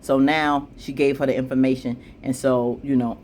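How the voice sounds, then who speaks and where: Animated woman recapping a TV episode. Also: normal speed, slight background noise. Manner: animated, acts out characters' lines with pitch jumps; chatty, frequent fillers and asides. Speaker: TV show recap vlogger.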